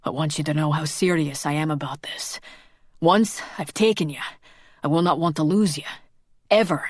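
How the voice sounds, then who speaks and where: A man's voice: a little high, normal speed, dry recording, studio quality, lightly acted. A woman voicing a brooding, intense Scottish immortal man, speaking with a Scottish accent. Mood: earnest.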